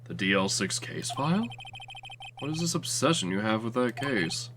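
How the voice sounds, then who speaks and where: A man's voice: medium pitch, sing-song, moderate pace, background noise, pitched below the performer's own voice, close to an everyday voice. A man voicing a cold, arrogant older prosecutor who talks in a dismissive, sneering way. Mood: scornful. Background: game music.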